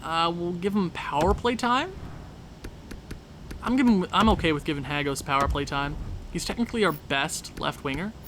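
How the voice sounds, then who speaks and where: A man's voice: fairly high pitch, normal speed, noisy background. Rambling Canadian man commentating a game. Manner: rambling, talking to himself, jokey asides. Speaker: gaming video creator.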